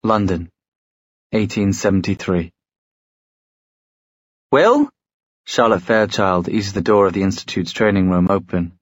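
A man narrating a story in a measured, storytelling way. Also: low voice, level tone, no room sound. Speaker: audiobook narrator. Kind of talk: scripted narration.

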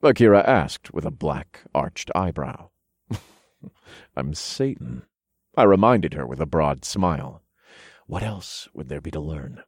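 A man narrating first-person fiction in a low, steady storytelling voice, close to the mic. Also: moderate pace, slightly rough, dry recording. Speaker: audiobook narrator.

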